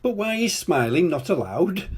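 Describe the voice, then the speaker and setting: Man doing a cheery little storybook girl, chirpy, high voice, slow and lilting. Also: very animated, slightly rough, exaggerated voice. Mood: curious. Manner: brisk, chirpy and bright. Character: cheerful, bossy little girl full of sunshine.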